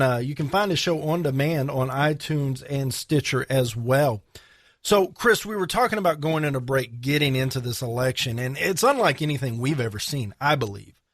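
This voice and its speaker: A man's voice: fairly high pitch, no room sound, studio quality. A man hosting a talk radio show in a conversational way, sometimes getting tongue-tied.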